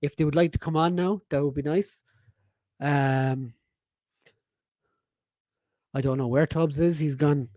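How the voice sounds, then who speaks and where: A man's voice: on the high side, steady tone, unhurried, long pauses, darkish tone, no echo. A man in his forties hosting a casual livestream podcast, rambling and stumbling over his words. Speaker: podcast host.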